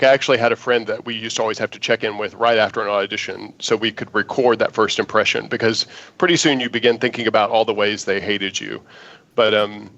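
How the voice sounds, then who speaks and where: A man, an actor guest, telling an animated audition story in an interview and acting out the lines he quotes. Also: fairly low pitch, dry recording, lo-fi sound.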